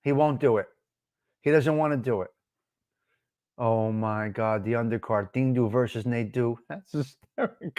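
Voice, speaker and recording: A man's voice: mid-range voice, moderate pace, no room sound, clean studio sound. A man hosting a live stream, chatting casually with viewers, laughing often and answering the chat. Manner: laughing, animated, talks back to chat.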